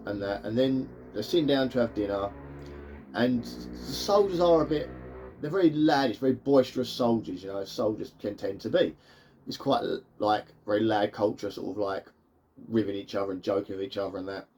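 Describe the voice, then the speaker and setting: A man talks through a film's plot in a loose, rambling way, piling up fillers and restarting his sentences. His voice sits low and mellow, with a slightly husky edge. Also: brisk. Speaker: film reviewer. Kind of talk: casual spoken recap.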